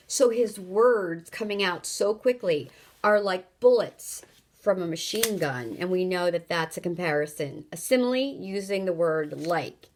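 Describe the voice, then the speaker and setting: Slow, careful woman teacher reading aloud. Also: mid-range voice, expressive.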